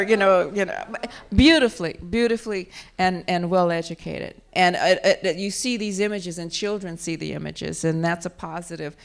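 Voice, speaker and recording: A woman speaking in a relaxed interview, her voice sitting at an ordinary middle pitch. She tells her stories with animation, laughing often and circling back to restart her sentences. The talk is casual and warm in pace, recorded at a live event. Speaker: actress and author being interviewed.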